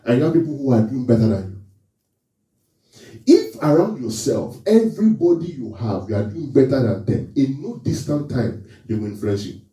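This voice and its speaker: Man preaching, lively swooping delivery, very dark mellow tone, echoey church hall, heard from some distance. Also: mid-range voice. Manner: animated, questioning the congregation. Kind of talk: sermon.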